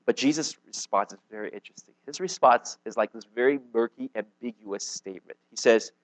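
A man's voice: mid-range voice, brisk, dry recording, poor audio. Guy preaching casually, keeps asking okay right, stumbles and restarts, dry close sound. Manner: conversational, checks in with "okay?" and "right?". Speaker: pastor. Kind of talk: sermon.

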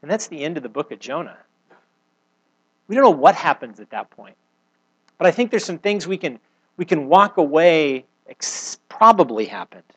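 A middle-aged male pastor delivers a sermon in a voice sitting a little above the usual male range. He reads scripture aloud and retells it with expressive emphasis. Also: fairly high pitch, moderate pace, long pauses, breathy edge, poor audio.

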